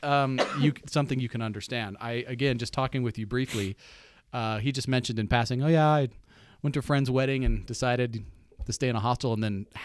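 A man's voice: medium pitch, fairly quick. A young man hosting a casual podcast chat, upbeat and playful, laughing often and teasing his guest. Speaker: podcast host. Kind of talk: casual chat, party game.

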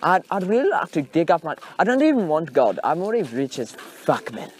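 A man's voice: on the high side, very animated, a little fast, a little hiss or hum. A man playing a boastful, wealthy young South African man with a mock accent in a comedy skit, ending his lines with "man". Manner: bragging, ends sentences with "man".

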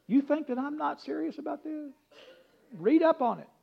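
A man preaching a folksy, humorous sermon, rambling into stories and dropping from loud emphasis to hushed asides. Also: extremely high pitch, lively intonation, normal speed, vocal fry. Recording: dull lo-fi recording.

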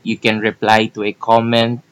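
A man's voice: fairly low pitch, completely flat delivery, normal speed, fairly bright tone, poor audio. A man co-hosting a casual podcast chat, teasing and restarting his sentences as he talks. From Philippines. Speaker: co-host.

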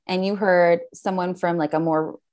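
A woman's voice: on the low side, fairly even intonation, moderate pace, darkish tone. A woman comedian hosting a casual chat, asking curious questions and laughing easily. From Maryland. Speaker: comedian host.

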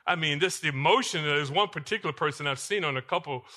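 A male pastor preaching a sermon in a church, swinging between loud emphatic lines and quiet asides. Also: fairly high pitch, fast talker. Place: church sanctuary.

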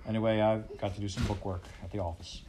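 A man voicing a pioneer father who speaks quietly, coolly and steadily in a storybook reading. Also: fairly low pitch, fairly even intonation, quick pace, noisy background, lightly acted. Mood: calm firm. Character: pioneer father, calm and firm.

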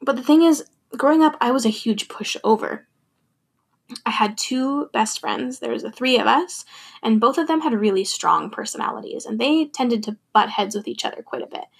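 A woman's voice: fairly high pitch, normal speed, gravelly, breathy edge. A young adult woman talking candidly and thoughtfully about her feelings in a personal monologue, laughing now and then.

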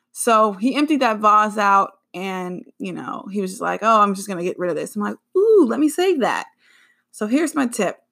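Chatty creaky-voiced woman podcaster. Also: medium pitch, a bit bright. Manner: chatty and rambling, with frequent self-corrections. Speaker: podcast host. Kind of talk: casual solo podcast chat.

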